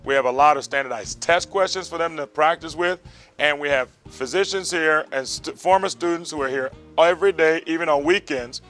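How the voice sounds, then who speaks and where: A man teaching medical exam material and describing his prep program, animated and vivid, acting out heart sounds. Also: on the high side, fairly quick, soft background music. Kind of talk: lecturing and promotional interview.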